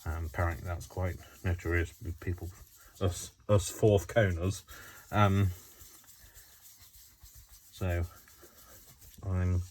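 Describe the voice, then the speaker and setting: A man's voice: deep voice, little pitch movement, takes it slowly, long pauses, a little mellow, slight background noise. A man hosting a casual craft tutorial, chatting and rambling to himself as he works. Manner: chatty, rambling, self-talking while working.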